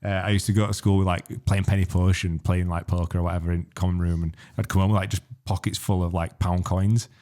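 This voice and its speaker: A man's voice: sits low, level tone, fast, hardly any pauses, dark tone. A man, trading blunt, sweary banter and stories on a casual podcast. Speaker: podcast co-host. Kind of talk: casual chat.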